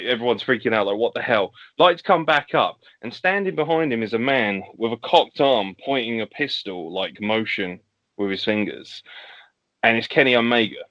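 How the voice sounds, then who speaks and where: On a lo-fi podcast, a male guest animatedly books a fantasy wrestling show in casual conversation, voicing the wrestlers' lines himself. His voice is on the low side and a bit bright.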